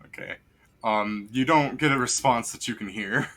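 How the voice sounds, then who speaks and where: Bright-voiced male game master. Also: medium pitch, normal speed, gravelly. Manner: rambling, filler-heavy scene description. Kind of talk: narrating a tabletop game.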